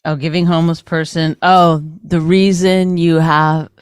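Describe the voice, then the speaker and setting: A woman's voice: deep voice, flat delivery, measured pace, clean tone, dry recording, clean studio sound. A middle-aged woman from Canada, co-hosting a podcast in an exasperated, teasing, bickering chat. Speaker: podcast co-host.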